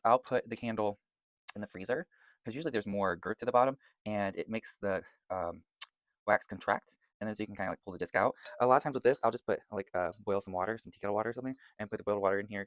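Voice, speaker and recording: The candle vlogger's fairly low, slightly bright voice comes through with no room sound as he rambles happily to camera about scents in a casual product chat.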